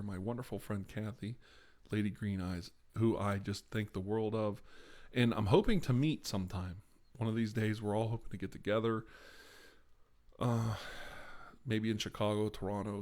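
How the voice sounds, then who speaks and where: Man, low-pitched, relaxed, chatty, live-stream host. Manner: relaxed, chatty, reads out chat messages. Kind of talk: casual live-stream chat.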